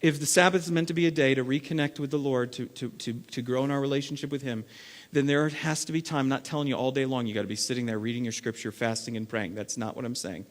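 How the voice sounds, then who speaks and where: A man preaching a sermon as lead pastor, acting out everyday scenes and swinging between loud bursts and hushed stretches. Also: medium pitch, steady tone, fast talker. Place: church sanctuary. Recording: long reverb of a large hall.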